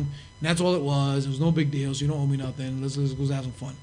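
A man's voice: mid-range voice, fast talker. A middle-aged man telling stories in casual, profane talk and acting out the voices of the people in them. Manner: profane, animated storyteller acting out quotes. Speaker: podcast guest. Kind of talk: casual storytelling.

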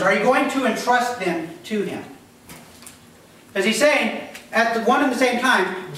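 A man's voice: extremely high pitch, expressive, measured pace, fairly bright tone, very echoey, far from the mic, low-quality recording. A man preaching a sermon as pastor, talking conversationally, quizzing the congregation and acting out voices. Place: church.

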